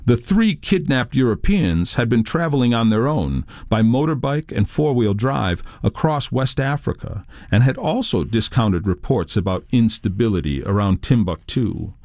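Brief: male audiobook narrator, measured journalistic read, lively intonation, dry close. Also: mid-range voice, no echo. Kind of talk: scripted nonfiction audiobook narration.

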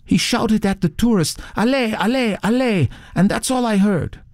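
A man's voice: sits high, normal speed, no echo, clean studio sound, voice pushed up. A man doing a shaken hotel receptionist.

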